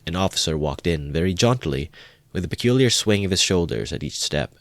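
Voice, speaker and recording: Deep-voiced man reading a novel aloud. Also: no room sound. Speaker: narrator. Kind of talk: amateur audiobook reading.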